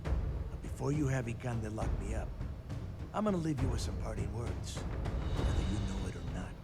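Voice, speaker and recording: A man's voice: lowish voice, expressive, moderate pace, close to an everyday voice. An actor playing a proud, taunting male pirate captain in a video game, speaking in a theatrical, defiant way. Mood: resigned. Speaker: game character. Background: game music.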